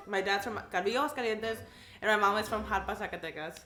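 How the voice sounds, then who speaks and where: Chatting casually while reading questions, this bubbly YouTube crafts creator, a Californian in her twenties, fills her talk with "like" and giggles at her own responses. She speaks quickly in a mid-range, expressive voice that's pushed and bright. Expect an echoey room and soft background music.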